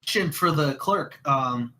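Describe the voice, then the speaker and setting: A man playing in a tabletop game, thinking aloud in a quick, hesitant way. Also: fairly high pitch, lively intonation, sharp tone. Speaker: player. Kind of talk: casual tabletop game play.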